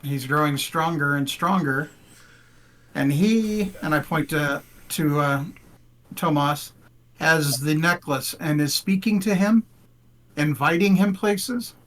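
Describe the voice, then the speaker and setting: A man speaks in character at a tabletop game table, measured and earnest. His voice sits a bit high. He talks slowly. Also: fairly bright tone. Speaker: player.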